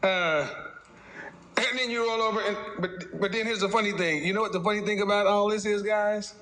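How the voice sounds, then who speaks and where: A man's voice: sits high, steady tone, a bit bright. A man giving a casual opinion monologue as a dating commentator, speaking mockingly and addressing his audience directly. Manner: mocking, lecturing, slips into quick impressions.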